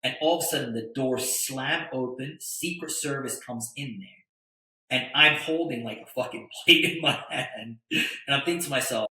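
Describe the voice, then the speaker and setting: A man, a podcast guest, telling a story in a casual, animated way, with stammered restarts and tag questions. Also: medium pitch, normal speed, heavy reverb, low-quality recording. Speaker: podcast guest, attorney and entrepreneur.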